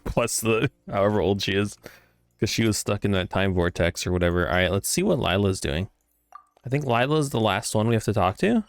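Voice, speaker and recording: A man streaming a game, rambling and joking with casual, profane commentary. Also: lowish voice.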